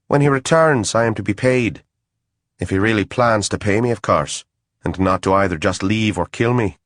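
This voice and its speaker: A man's voice: fairly low pitch, normal speed, dry recording, clean studio sound, natural voice. A man reading an audiobook, voicing a nervous male informant who hedges anxiously. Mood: uneasy. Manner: anxious, hedging.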